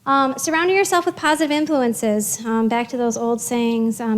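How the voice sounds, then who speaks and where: A woman's voice: on the high side, steady tone, normal speed, in a large hall. A woman social worker giving a chatty, upbeat presentation to parents, with many fillers and restarts.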